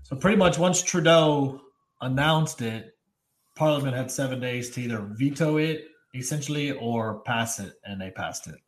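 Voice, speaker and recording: A man co-hosting a live stream, chiming in with quick remarks and frequent laughs. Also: medium pitch. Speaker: co-host. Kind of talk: casual live-stream chat.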